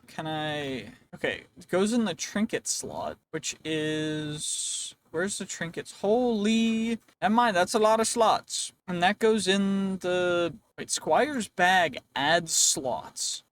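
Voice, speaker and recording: A man with a high-pitched voice chatting through a video game let's play, rambling and joking to himself as he plays. His voice sounds a little worn and tired, and a faint hiss sits under the recording. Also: expressive, slow, few pauses, fairly bright tone. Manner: rambling, playful talk to himself. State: voice tiring, a bit worn. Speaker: gaming channel host.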